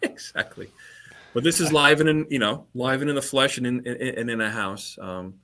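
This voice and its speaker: This guest HVAC trainer talks at a normal speed with a medium pitch and a sharp edge to his tone. Chatting casually on a podcast via video call, he tends to ramble, frequently repeating words and starting sentences over.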